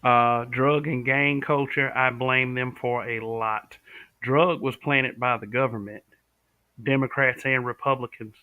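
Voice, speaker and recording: A man's voice: mid-range voice, steady tone, unhurried, smooth, no echo. A man from the American South hosting a casual live stream, speaking bluntly and answering viewers' comments. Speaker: livestream host. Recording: tinny, dry home-stream audio.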